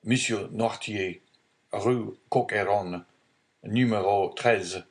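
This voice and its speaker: A man's voice: mid-range voice, moderate pace, lightly acted. A man voicing a stern male magistrate who hides his panic in a read-aloud storybook, with a curt, commanding delivery.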